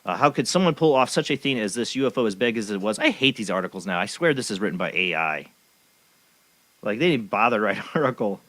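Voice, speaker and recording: A man's voice: fairly low pitch, expressive, quick pace, fairly bright tone, no room sound. A man hosting a talk show, rambling along in a cynical, sarcastic way. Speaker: show host. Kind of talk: casual talk radio commentary.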